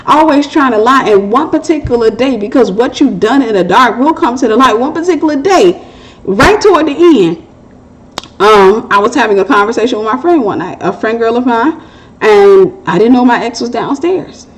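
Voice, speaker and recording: A woman's voice: fairly high pitch, lively intonation, moderate pace, a little hiss or hum, poor audio. A middle-aged woman hosting a Christian relationship Q&A, giving casual testimony and advice in a candid, joking way and laughing at herself.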